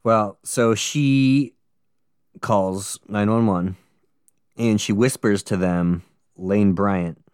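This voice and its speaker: A man's voice: on the low side, slow, long pauses, clean tone, no echo, clean studio sound. A man co-hosting a casual true-crime podcast, reading out the case and cutting in with jokey, sweary asides. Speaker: podcast co-host.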